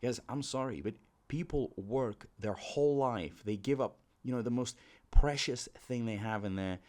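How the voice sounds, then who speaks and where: A man's voice: fairly low pitch, darkish tone. Persuasive man hosting a crypto commentary. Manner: urgent, persuasive, repeats himself. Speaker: crypto video host. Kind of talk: casual commentary to camera.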